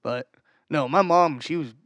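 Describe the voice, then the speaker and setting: A man with a Southern American accent co-hosting a casual podcast, telling stories loudly and slipping into mimicking voices. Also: fairly high pitch, unhurried, no room sound. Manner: animated storyteller, loud mimicking impressions. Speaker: podcast co-host. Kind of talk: casual chat.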